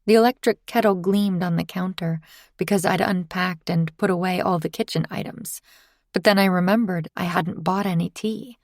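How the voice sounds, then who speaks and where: A woman narrates a first-person thriller in a steady storytelling manner. Her voice is low with a gravelly texture. The recording is close and dry. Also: normal speed, dry recording. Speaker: audiobook narrator. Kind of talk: scripted narration.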